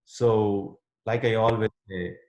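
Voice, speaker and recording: A man's voice: on the low side, fairly even intonation, slow pace, darkish tone, echoey room, muffled recording. A man teaching a live online writing workshop and answering student questions earnestly, with many fillers and restarts. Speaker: writing instructor. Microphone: video call.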